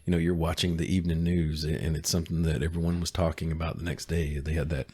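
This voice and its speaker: A man's voice: very deep voice, level tone, fast, a little mellow, slightly rough. A middle-aged man co-hosting a podcast in casual chat, hesitant and full of restarts and fillers. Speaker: podcast co-host.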